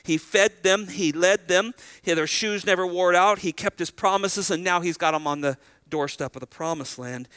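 A man's voice: sits high, moderate pace, hardly any pauses, fairly bright tone, smooth, no echo. A middle-aged man preaching a sermon as pastor, conversational, asking the congregation rhetorical questions and acting out short exchanges.

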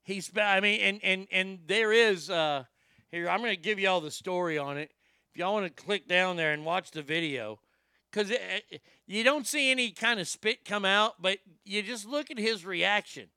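A man's voice: sits high, normal speed, sharp tone, clean tone, no echo, clean studio sound. A man hosting a commentary show, delivering a brash, swaggering, profane comedic rant. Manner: brash, swaggering, heavy swearing.

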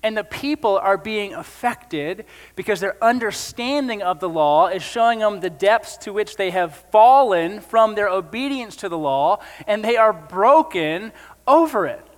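Guy preaching in a church hall, chatty with jokes, high voice, long echo. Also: lively intonation, unhurried. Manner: conversational, joking asides. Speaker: pastor. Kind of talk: sermon.

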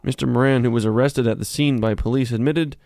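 A man's voice: medium pitch, steady tone, quick pace, creaky, a little mellow, no echo, clean studio sound. A male comedian co-hosting a podcast, reading a news story aloud in a mock-serious tone. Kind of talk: casual comedy podcast chat.

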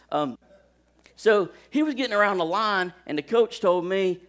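A man preaching, telling a lively personal story with sound effects and speaking directly to his congregation in a folksy way. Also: high-pitched, moderate pace. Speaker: pastor.

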